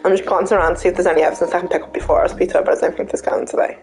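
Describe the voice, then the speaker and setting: A woman's voice: on the low side, steady tone, rapid-fire, creaky, a little mellow, soft background music. A woman chatting casually and teasing while playing a game. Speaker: game player.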